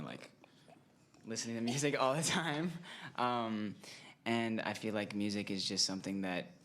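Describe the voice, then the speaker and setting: A man's voice: fairly low pitch, fairly bright tone. A young man in a band giving earnest, thoughtful interview answers. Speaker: band member.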